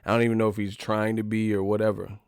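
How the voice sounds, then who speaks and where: A man hosting a live boxing talk stream, riffing in an animated, profane, joking way. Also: on the low side, quick pace, clean tone, no echo, clean studio sound. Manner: animated, profane, laughing riffs. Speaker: boxing channel host. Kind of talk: casual live-stream commentary.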